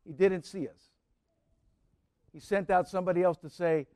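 A man preaching a sermon in a storytelling way, rising to fervent cries and then dropping soft. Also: high voice, fairly even intonation, normal speed, dry recording. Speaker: pastor.

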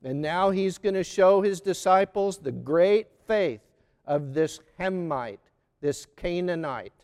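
High-voiced preacher in a big reverberant church. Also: male voice, expressive, a little mellow. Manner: slow, deliberate delivery with emphatic lists. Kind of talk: sermon on a Gospel reading.

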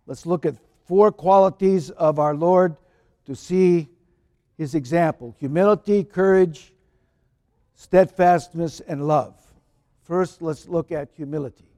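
A man, a priest, giving a sermon in a slow, deliberate way, sometimes pausing with small fillers. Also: a little high, warm tone, big-room sound.

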